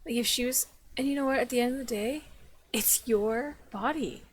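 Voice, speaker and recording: A woman's voice: fairly high pitch, moderate pace, husky. A woman delivering blunt, sarcastic reaction commentary. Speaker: commentary YouTuber.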